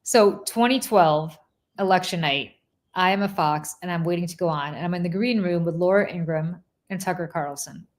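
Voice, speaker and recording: A woman's voice: fairly low pitch, normal speed. A woman hosting a casual chat, telling a long story with laughter and acted-out quotes. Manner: animated, laughing, acts out quoted voices. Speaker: podcast host.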